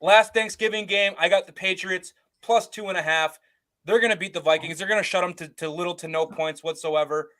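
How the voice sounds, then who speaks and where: A man's voice: high-pitched, fairly even intonation, brisk, sharp tone. A man co-hosting a casual sports betting podcast, giving his picks with blunt confidence. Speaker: co-host picking bets.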